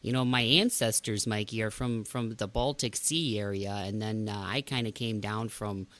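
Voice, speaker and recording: A man's voice: fairly low pitch, normal speed, fairly bright tone, close to an everyday voice. A man voicing a chatty, motherly older woman from the northern Midwest, rambling with lots of fillers. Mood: folksy chatty.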